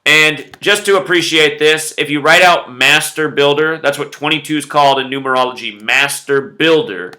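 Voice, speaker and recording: A man's voice: fairly high pitch, normal speed, hardly any pauses, bright, forceful tone. A man hosting a solo commentary video in a loose, conversational way, with musing asides and numbers repeated for emphasis. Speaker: video host.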